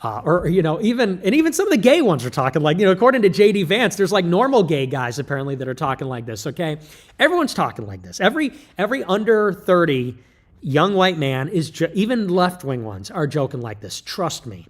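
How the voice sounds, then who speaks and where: A man holds forth in a livestream monologue, lecturing his listeners with emphatic, joking energy. His voice sits a little high for a man. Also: sing-song, a little fast. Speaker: livestream commentator.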